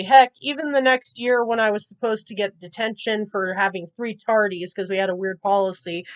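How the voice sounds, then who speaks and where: High-voiced young woman rambling through a story. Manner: rambling, chatty, full of "like" and "you know"; amused, animated retelling. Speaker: gaming YouTuber telling a storytime. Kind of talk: casual storytime vlog.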